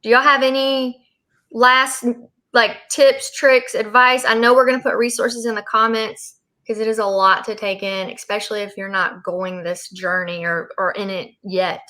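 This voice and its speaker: A woman's voice: on the high side, steady tone, normal speed, pushed and bright. A woman hosting a casual parenting discussion, talking in a loose, rambling way with lots of fillers. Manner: rambling, many fillers and restarts. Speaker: host.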